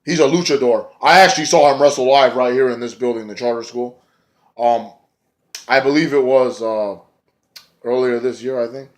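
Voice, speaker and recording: A man's voice: medium pitch, moderate pace. A man talking through a wrestling recap in a loose, rambling way. He gets worked up and swears freely, and he often trails off or restarts his thoughts. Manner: rambling, excitable, profane. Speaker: wrestling reviewer. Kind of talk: casual wrestling recap vlog.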